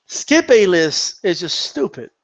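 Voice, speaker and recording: A man's voice: high-pitched, sing-song, takes it slowly, vocal fry, muffled recording. A man giving an opinionated, profane rant as a boxing commentator, repeating and tripping over his words.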